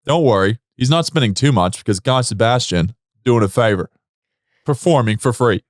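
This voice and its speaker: A man's voice: mid-range voice, lively intonation, no room sound, clean studio sound. A man hosting a podcast, jokey and playful in casual chat. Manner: jokey, playful, quick to laugh. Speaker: podcast host.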